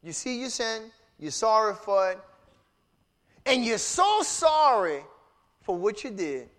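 Animated high-voiced preacher man. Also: takes it slowly. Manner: animated preaching, rising to shouts and dropping low. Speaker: pastor. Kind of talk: sermon.

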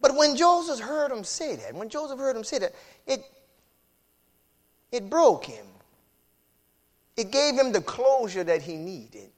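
A man preaching a sermon, swinging between shouted whooping and low, hushed talk. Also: very animated, a little slow, pauses often.

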